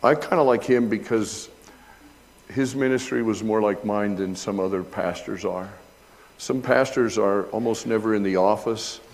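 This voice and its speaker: A middle-aged male pastor preaching a sermon, reading from an old essay and rising to loud, high emphasis when retelling scenes. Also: normal speed, in a large hall. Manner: reads aloud from an old essay between remarks.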